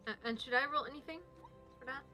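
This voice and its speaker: A woman's voice: high voice, fast, sharp tone, soft background music. A woman playing a tabletop game, asking rules questions in a tentative way. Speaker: player. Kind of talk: casual game talk.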